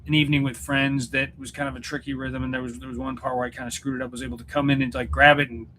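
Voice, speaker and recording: A man who is a YouTube channel host and musician chats casually on a livestream for his channel, rambling, joking and frequently breaking off to restart sentences. His medium-pitched voice is flat, sharp and racing, captured on a home computer setup with a little hiss or hum.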